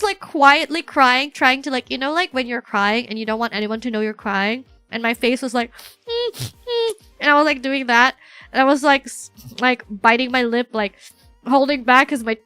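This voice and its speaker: Chatty young woman streamer, bright voice. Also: on the high side, smooth, no room sound. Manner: chatty, rambling, animated storytelling with many fillers. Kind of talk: casual chat.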